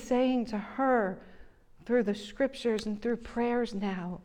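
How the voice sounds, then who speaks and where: Slow, soft-spoken woman preaching. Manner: slow, gentle delivery, drops soft and low when quoting. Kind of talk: sermon.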